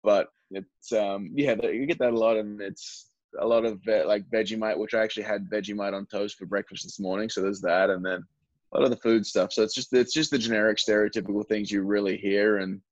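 Low-voiced Australian man, rambling chat. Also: steady tone, fairly quick, dry recording, highs cut off. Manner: rambling, full of fillers and restarts. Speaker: baseball relief pitcher, guest. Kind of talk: casual interview chat.

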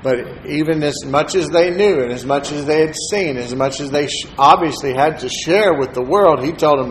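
A preacher, giving a sermon in a relaxed, conversational storytelling manner and dropping into soft-spoken asides. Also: male voice, a little high, moderate pace, hardly any pauses, a little hiss or hum, rough recording. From Texas, USA.

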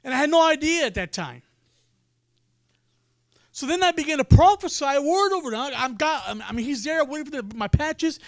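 A man preaching, telling a story in an animated way and acting out the people in it. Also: very high-pitched, fairly quick, dry recording, studio quality. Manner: animated storyteller, acts out quoted voices. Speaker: pastor. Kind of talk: sermon storytelling.

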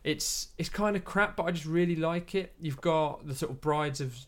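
A man's voice: fairly high pitch, moderate pace. A man chatting casually about films, rambling with many fillers and restarts. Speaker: podcast co-host.

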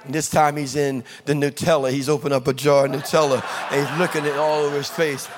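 A man preaching a sermon, telling a lively story and acting out the people in it. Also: fairly high pitch, fast, background noise. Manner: storytelling, acting out scenes with voices. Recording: long reverb of a large hall with audience.

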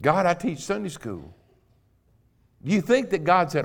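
A man's voice: sits high, very animated, unhurried, creaky. Man preaching a testimony. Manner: emotional testimony building to loud emphatic preaching. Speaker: guest preacher. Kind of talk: sermon. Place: church sanctuary.

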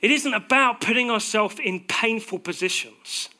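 A man preaching a sermon in a conversational, animated way, acting out little quotes as he goes. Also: very high-pitched, normal speed.

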